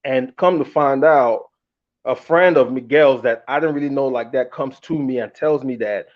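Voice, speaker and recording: A man's voice: mid-range voice, normal speed. Candid man telling a story, muffled. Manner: animated, candid, acts out quotes. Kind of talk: casual storytelling. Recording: muffled lo-fi audio.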